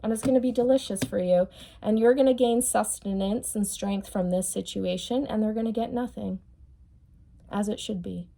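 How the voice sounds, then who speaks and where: A woman's voice: medium pitch, fairly even intonation, normal speed, vocal fry, dark tone. A woman giving a tarot reading in a blunt, mocking way, laughing often and checking in with "okay?". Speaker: tarot reader.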